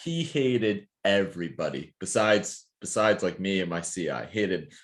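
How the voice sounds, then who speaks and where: A man with a fairly low voice tells stories in a casual, rambling way, full of fillers and laughs. He co-hosts a physical therapy podcast. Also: lively intonation, a little slow.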